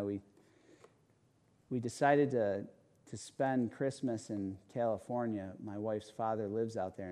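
Male pastor, mellow tone, chatty storytelling sermon with lots of asides. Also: lowish voice. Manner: animated storytelling, rhetorical asides. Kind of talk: conversational sermon with personal story.

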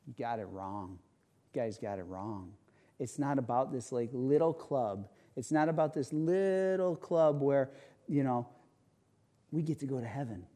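Male pastor, mellow tone, chatty storytelling sermon with lots of asides. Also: mid-range voice. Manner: animated storytelling, rhetorical asides. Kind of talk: conversational sermon with personal story.

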